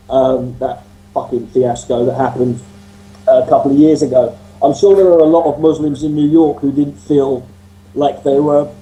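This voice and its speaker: A man's voice: fairly high pitch, warm tone, rough recording. A man talking casually on a panel, rambling with many restarts and swearing freely, speaking into a computer mic on a video call.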